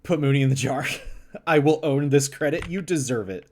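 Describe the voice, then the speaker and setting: A man's voice: a little high, normal speed, darkish tone, a little hiss or hum. Male streamer, casual read-aloud, giggly, trips over words. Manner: giggly, stumbles and restarts often. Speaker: streamer reading a novel aloud.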